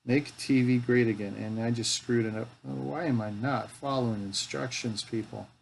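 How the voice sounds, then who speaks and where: A man's voice: medium pitch, fairly even intonation, normal speed, vocal fry, slight background noise. Joking middle-aged man chatting mid-build. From Canada. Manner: joking, talks to himself as he works. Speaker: live-stream host building a toy kit. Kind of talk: casual chat while building.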